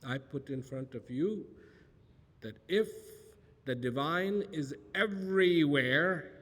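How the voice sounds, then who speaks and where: A man delivering a storytelling talk to an audience, with a slightly raised pitch. He leans on rhetorical questions and emphatic repetition. His voice carries a long reverb from a large auditorium. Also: slow, a bit bright. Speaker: spiritual speaker.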